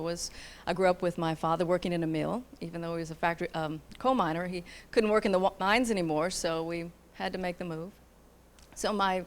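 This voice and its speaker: A woman's voice: lowish voice, gravelly. A woman from Kentucky, raised in Indiana, chatting as a guest on a stage in a concert hall, laughing easily and trailing off with fillers. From Kentucky, grew up in Indiana. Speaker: guest singer. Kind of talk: casual interview chat.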